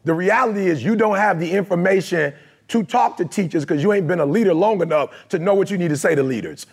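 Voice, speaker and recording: A man speaks in a raised, gravelly voice, pitched a little above the usual for men. He gives a motivational talk to a live crowd, emphatic and conversational, full of street slang. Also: fast. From Detroit, USA.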